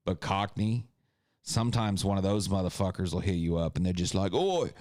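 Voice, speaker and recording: A man's voice: low voice, steady tone, fairly quick, darkish tone, no echo, studio quality. A man hosting a podcast, talking in a crude, joking, ranting way. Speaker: podcast host. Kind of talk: casual comedic podcast chat.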